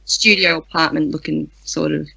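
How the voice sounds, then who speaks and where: A woman's voice: low voice, steady tone, moderate pace, vocal fry, crowd noise, poor audio. A tired woman playing her character in a tabletop game, rambling and giggly, full of likes and half-finished sentences. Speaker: player.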